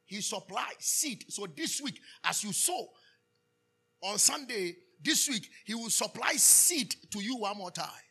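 High, bright Ghanaian preacher man. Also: expressive, measured pace, husky. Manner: preaching with call-and-response questions, switching into Twi. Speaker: pastor. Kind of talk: sermon.

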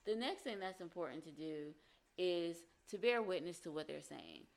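A woman's voice: lowish voice, sing-song, normal speed, creaky. A woman giving casual relationship advice, explaining earnestly and acting out example phrases.

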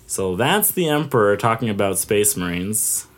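A man's voice: on the low side, very animated, moderate pace, few pauses. A man co-hosting a casual podcast, bantering and laughing often with his co-host. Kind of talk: casual chat.

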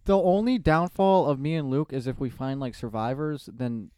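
Playful male co-host, smooth resonant voice, teasing tone, dry recording. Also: medium pitch, dark tone, no echo. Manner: playful, jokey, quick to tease. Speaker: podcast co-host. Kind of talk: casual chat.

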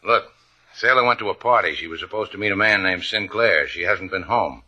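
A man's voice: low-pitched, brisk, pushed and bright, slightly rough, heavily acted. An actor playing a blunt, wisecracking tough-guy boat owner in a 1950s radio drama, dry and clipped.

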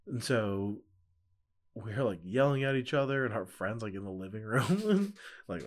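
A man's voice: fairly low pitch, lively intonation, measured pace, long pauses. A young man chatting casually as a podcast guest, telling a story in a laid-back way with lots of fillers and frequent laughs. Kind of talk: casual chat.

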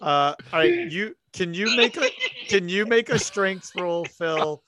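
A man narrates as game master, taking his time and leaving pauses between phrases. His voice sits a bit high and sounds dry and close, with no room around it. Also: sing-song, bright, forceful tone, no echo. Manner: measured, unhurried narration.

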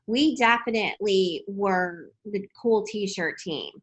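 A woman's voice: mid-range voice, animated, slow pace, slightly rough, rough recording. A woman, a parent of young athletes, reminiscing in a casual chat and often repeating words as she starts a sentence. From Texas. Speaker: parent of water polo players.

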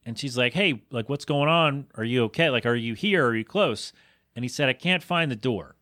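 A man's voice: lively intonation, normal speed, sharp tone, no room sound. Podcast host, male, solo rambling monologue, exasperated storyteller, dry booth sound. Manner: exasperated storytelling, rising in pitch when incredulous.

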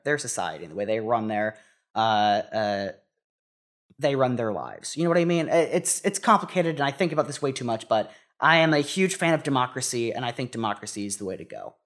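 Young adult chatting casually, lots of ums and restarts, middle pitch. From United States. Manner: hesitant, many restarts and fillers. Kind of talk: casual conversation.

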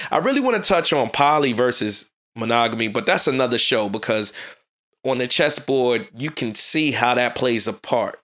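A man hosting a solo motivational podcast, talking fast and fired up in a loose, casual street style. His voice sits at an ordinary, middle pitch for a man. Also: fairly bright tone. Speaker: podcast host.

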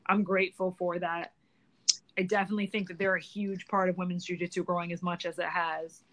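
A woman's voice: on the low side, level tone, brisk. A woman hosting a casual chat, upbeat and agreeable as she chimes in. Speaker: host.

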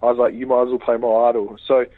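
A man guest in a casual phone interview, retelling events in a rambling, animated way and acting out what others said. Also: mid-range voice, racing, no room sound. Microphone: phone call. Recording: tinny phone line, dry.

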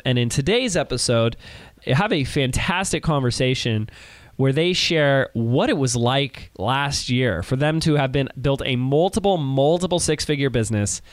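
A man's voice: medium pitch, no echo. A man hosting a podcast in an upbeat, emphatic, friendly way, introducing his guests. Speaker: podcast host.

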